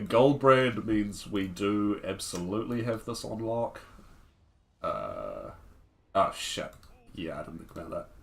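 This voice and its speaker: Low-voiced man commenting on gameplay. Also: creaky, a bit bright. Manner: thinking aloud, answering chat between plays. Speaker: streamer.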